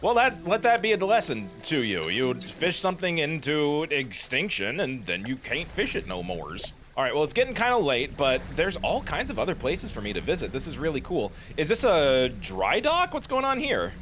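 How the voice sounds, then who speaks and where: Man, gaming commentary, wry and sarcastic, fairly high voice, faint background music. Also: wildly swooping pitch, moderate pace, hardly any pauses, a bit bright. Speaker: let's play host. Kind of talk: casual game commentary.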